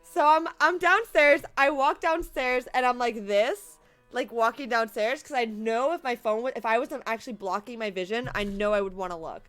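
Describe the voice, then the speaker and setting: A young woman vlogging, telling a story with animated energy, casual swearing and laughter breaking into her sentences. Her voice sits high and sounds bright and forward, with faint music behind her. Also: moderate pace.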